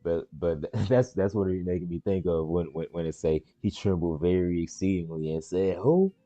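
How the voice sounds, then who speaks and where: A man on a live stream reading the Bible aloud and explaining it in casual slang, repeating words and jumping into high excited voices for the characters. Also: normal speed, no echo, dull audio, faint music behind. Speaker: stream host reading scripture.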